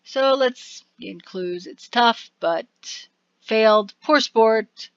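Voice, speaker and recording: A woman hosting a let's play, reading the game's text aloud slowly and muttering asides about her choices. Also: fairly high pitch, clean tone, no room sound, highs cut off. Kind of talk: game commentary reading on-screen text aloud.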